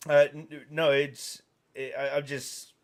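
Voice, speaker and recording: A man's voice: a little high, little pitch movement, slow pace. A man hosting a livestream, telling a meandering anecdote in casual chat. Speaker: livestream host.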